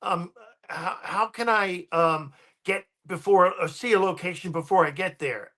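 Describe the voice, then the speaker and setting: A man's voice: sits high, a little slow, fairly bright tone. A man, a guest paranormal researcher, telling stories in a casual podcast chat and rambling with many ums and restarts.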